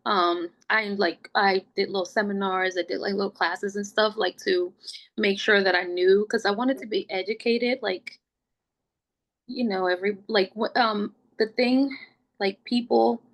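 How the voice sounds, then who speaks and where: Gravelly young woman telling her story. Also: medium pitch, fairly even intonation, a little slow. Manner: chatty, fills speech with "like", laughs often; gets emotional and open. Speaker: podcast guest sharing her pregnancy story. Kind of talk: casual personal storytelling.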